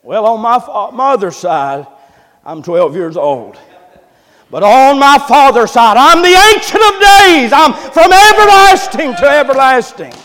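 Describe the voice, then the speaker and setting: A man's voice: high-pitched, animated, slow, long reverb tail, poor audio. A preacher acting out the boy Jesus, who declares his heavenly origin in rising, ringing lines. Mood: proclaiming.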